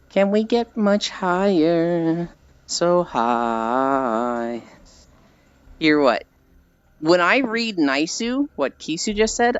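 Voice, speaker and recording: A woman's voice: on the low side, fairly bright tone, no room sound, lo-fi sound. A woman streamer chatting casually and rambling with frequent giggles while she walks. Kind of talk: casual chat while walking.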